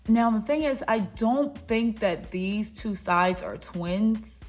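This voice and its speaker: A young woman chats her way through a makeup tutorial at an unhurried pace, her voice sitting at a middle pitch. She sounds playful and encouraging toward her viewers, with faint music playing underneath. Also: lively intonation, darkish tone. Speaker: beauty vlogger. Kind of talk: casual makeup tutorial chat.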